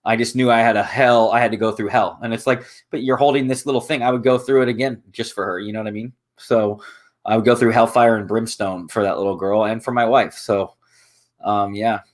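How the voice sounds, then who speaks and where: A young man talking as a guest in an emotional, casual conversation, earnest and halting, with many restarts. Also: fairly low pitch, fairly even intonation.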